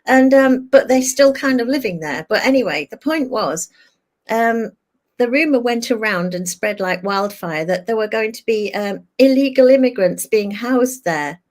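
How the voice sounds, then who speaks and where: A woman's voice: on the high side, moderate pace. Older lady on a video call, spilling a personal story, jumps into little acted-out voices of her own thoughts. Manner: animated, acts out her own past thoughts in quoted asides. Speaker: guest.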